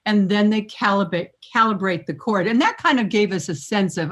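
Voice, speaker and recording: A woman in her seventies, a former morning TV host, telling lively anecdotes as a guest and laughing often. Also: medium pitch, normal speed. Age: 70s. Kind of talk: storytelling interview chat.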